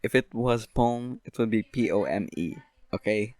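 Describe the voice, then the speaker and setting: A young man hosting a podcast, rambling through an absurd deadpan comedic monologue full of fillers. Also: on the low side, moderate pace, no room sound. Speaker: podcast host.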